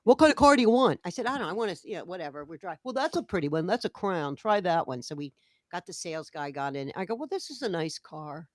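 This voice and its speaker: Low-voiced woman telling a lively story. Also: fast, no room sound, studio quality. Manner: animated storyteller acting out quoted dialogue. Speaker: co-host. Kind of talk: casual chat.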